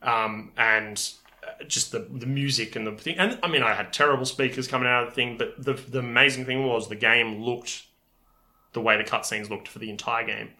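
A man talks games on a casual podcast with a very bright, forward tone. He is animated and playful, and he hums game tunes. The talk is loose banter among friends. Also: medium pitch, normal speed. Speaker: podcast co-host. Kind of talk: casual chat.

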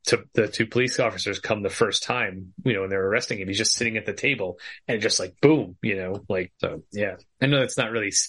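A man with a husky, slightly breathy voice talking casually about a film. He is animated and acts out his own reactions, swearing freely as he goes. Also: on the low side. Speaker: podcast co-host discussing a film. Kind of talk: casual chat.

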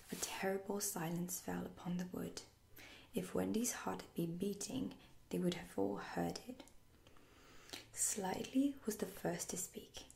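A woman whispering a fairy tale aloud as a soft-spoken ASMR storyteller. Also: mid-range voice, gravelly, slight background noise. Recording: roomy echo.

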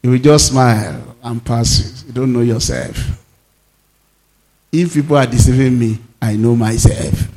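A man, a pastor preaching a sermon with sudden shouts and low, emphatic drops. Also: a little slow.

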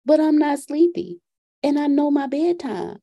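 Whiny young boy pleading about bedtime, put on by a woman, high and soft. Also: measured pace, gravelly. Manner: whiny, insistent.

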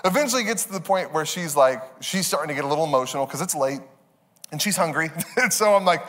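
A pastor in his thirties tells a story in an animated, self-mocking way. His voice is fairly high for a man. It rings with the long reverb of a large church sanctuary. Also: quick pace. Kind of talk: sermon.

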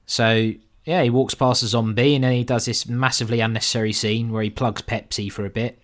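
A man's voice: mid-range voice, fairly even intonation, brisk. A man co-hosting a podcast, reviewing a film in casual chat, laid-back and swearing, mimicking characters as a joke. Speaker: podcast co-host.

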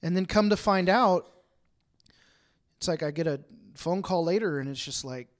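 Before a congregation, a pastor delivers a conversational, chatty sermon and acts out ordinary dialogue in asides. He has a high-pitched voice and a moderate pace, broken by long pauses.

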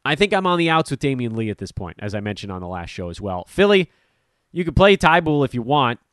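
A man hosting a fantasy basketball podcast, talking casually in an animated, rambling, blunt and jokey way. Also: mid-range voice, fast talker, smooth, no echo, studio quality. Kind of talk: casual podcast talk with sponsor promo.

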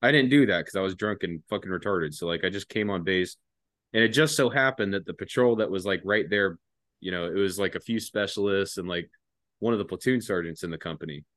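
Low-voiced young man, profane storyteller. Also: fairly quick, a bit bright, no room sound, studio quality. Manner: profane, laughing, rambling. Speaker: podcast guest. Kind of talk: casual storytelling.

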